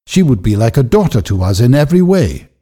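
A man voicing a wealthy gentleman in a storybook reading, speaking in a persuasive, earnest way. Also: medium pitch, big pitch swings, a little fast, breathy edge. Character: wealthy gentleman, pleading then agitated.

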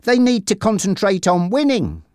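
In a storybook reading, a narrator voices a teasing young teenage boy in a very animated mid-range voice at a moderate pace. The voice is pitched above the performer's own yet stays close to an everyday voice, recorded in a clean studio with no room sound.

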